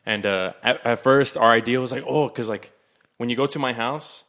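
A man's voice: mid-range voice, normal speed, fairly bright tone. A man in his twenties from South Texas, casually telling a story, loose and filler-heavy, saying "like" a lot. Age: 20s.

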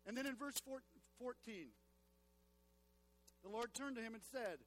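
A man's voice: very high-pitched, lively intonation, unhurried, pauses often, fairly bright tone. A man preaching a sermon in a church, addressing the congregation emphatically and repeating key phrases. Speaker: pastor.

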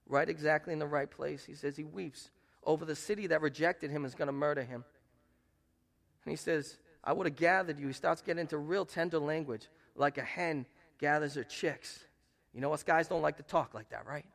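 Gravelly-voiced man preaching a sermon. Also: fairly high pitch, a little fast. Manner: preaches with swings between loud emphatic rises and soft hushed quotes. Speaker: pastor. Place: church sanctuary.

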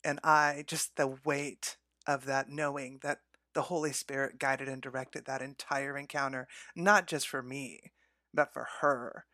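A woman's voice: a bass voice, fairly even intonation, a little slow, bright, forceful tone, no echo, studio quality. A woman co-hosting a faith podcast, telling a personal story in an earnest, heartfelt way.

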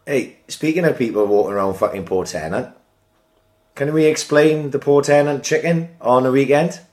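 A man's voice: medium pitch, moderate pace, darkish tone. A man co-hosting a podcast, trading sweary banter in casual chat. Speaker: podcast co-host.

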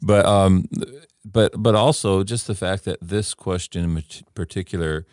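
Deep, early-morning voice of a male co-host. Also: a little slow, a little mellow, no room sound, clean studio sound. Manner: hesitant, stammering restarts, easygoing. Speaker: podcast co-host. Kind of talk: casual faith podcast chat.

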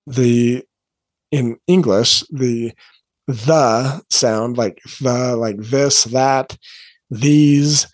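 A man's voice: medium pitch, dry recording. Chatty man, dry close mic. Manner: rambling, conversational, many "like" fillers. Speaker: coach and podcast host. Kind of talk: casual storytelling monologue.

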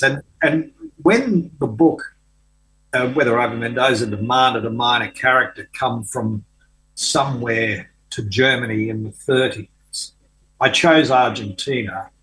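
An older man, a writer being interviewed, recounting an anecdote in a relaxed, conversational way with frequent ums and restarts. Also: medium pitch, unhurried, poor audio. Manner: hesitant, many fillers and restarts. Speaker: author guest. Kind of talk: conversational storytelling.

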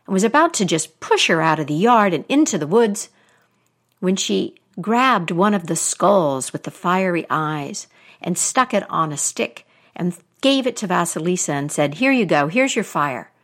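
A woman telling a folktale aloud in a deliberate, expressive way. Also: on the low side. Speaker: storyteller.

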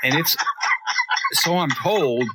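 Slow-talking man over loud noise. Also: a little high. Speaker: co-host. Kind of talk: casual chat. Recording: loud noisy recording.

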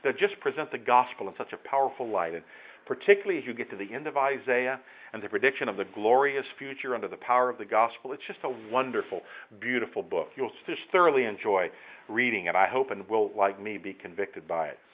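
A man's voice: medium pitch, animated, quick pace. Earnest preacher man, dull recording. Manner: earnest, emphatic, rising to loud exclamations. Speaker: pastor. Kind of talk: sermon.

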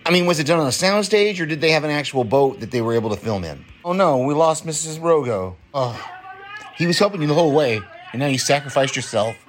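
A man's voice: on the high side, expressive, fast, slight background noise. Male listener, casual running movie commentary, chatty and amused. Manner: chatty, chuckles often while reacting. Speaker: listener sending a voicemail.

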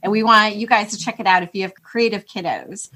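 Podcast co-host, woman, animated and upbeat, recorded dry. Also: medium pitch, a little fast, slightly rough, no room sound, poor audio. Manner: bubbly and animated. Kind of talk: casual chat.

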